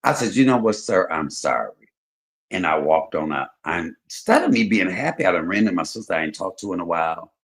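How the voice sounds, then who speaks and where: A man hosting a livestream, telling stories in casual chat, swinging between loud and soft. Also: sits low, big pitch swings, fairly quick. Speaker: livestream host.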